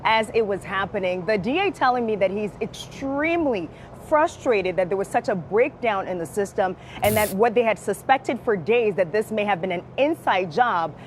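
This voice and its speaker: A woman field reporter gives a brisk, informative live news report on location. Faint outdoor ambience sits behind her voice. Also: mid-range voice, animated, slight background noise.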